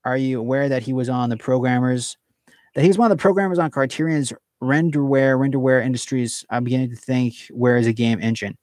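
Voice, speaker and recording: A man's voice: mid-range voice, steady tone, a little fast, a little mellow, no echo. Guy streaming from home, rambly and casual, lots of likes and ums, mid voice, dry close mic. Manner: rambling, filler-heavy, with frequent restarts. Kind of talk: casual live-stream chat reading viewer comments.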